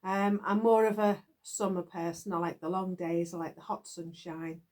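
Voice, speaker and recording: A woman's voice: lowish voice, level tone, normal speed, darkish tone. A middle-aged woman from the UK, chatting casually and rambling to her viewers, with frequent giggles, recorded in a garden shed. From United Kingdom. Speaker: knitting vlogger.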